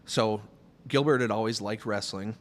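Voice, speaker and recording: A man on a studio podcast as a guest, telling long stories in a rambling, animated way with plenty of fillers. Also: fairly low pitch, moderate pace. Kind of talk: casual storytelling chat.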